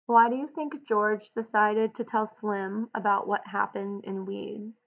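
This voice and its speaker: A woman teacher reading a novel aloud and pausing to ask students slow, deliberate questions. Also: mid-range voice, steady tone, creaky, muffled recording. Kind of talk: read-aloud with guided questions.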